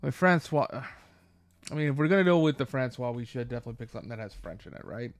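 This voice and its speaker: A man streaming a game live, chatting casually and thinking aloud with many halting restarts. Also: mid-range voice, lively intonation, dry recording, soft background music.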